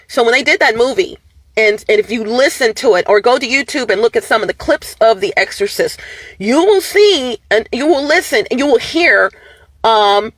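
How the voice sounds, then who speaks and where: A woman's voice: fairly high pitch, a bit bright, no echo. A woman vlogger talking casually and animatedly to her viewers, her voice going up and down. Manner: many fillers and restarts, addresses viewers as "you guys".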